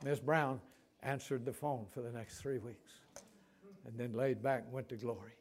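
A man's voice: mid-range voice, fairly even intonation, moderate pace. An older man preaching a sermon, telling stories and repeating phrases for emphasis.

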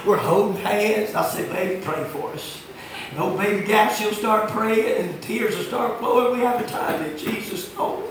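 A man, preaching a fiery sermon as pastor, swinging from shouting to low, quiet asides. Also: measured pace, slight background noise. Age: 50s. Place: church sanctuary. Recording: echoey room, heard from a distance.

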